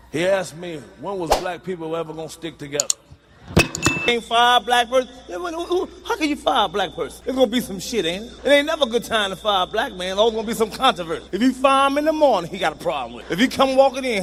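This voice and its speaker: A man's voice: high-pitched, big pitch swings, fast, a bit bright, slight background noise. A male stand-up comedian telling a brash, profane story and acting out the dialogue himself.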